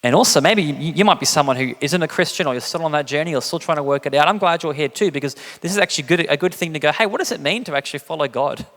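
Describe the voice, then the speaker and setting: Chatty, jokey preacher in a church hall. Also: male voice, racing, few pauses, fairly bright tone. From England. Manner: conversational, jokey, acts out quotes with big pitch jumps. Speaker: pastor. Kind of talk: sermon.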